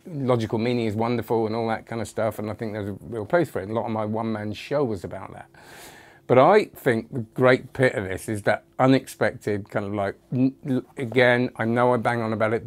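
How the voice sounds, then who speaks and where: Guy chatting about a magic trick, all over the place, keeps cutting himself off, middling pitch. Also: a little mellow. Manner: rambling, self-interrupting. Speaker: magic reviewer. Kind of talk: casual spoken review.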